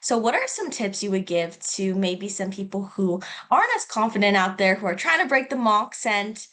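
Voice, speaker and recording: Woman interviewer, mid pitch, just asking questions, nothing fancy. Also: expressive, normal speed, a bit bright. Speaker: interviewer, host.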